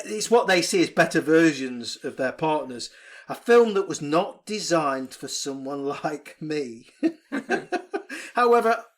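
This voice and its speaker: A man co-hosting a casual film podcast, recapping the plot in an animated, sweary way and putting on quick mock voices. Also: fairly high pitch. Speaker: podcast co-host. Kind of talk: casual film review chat.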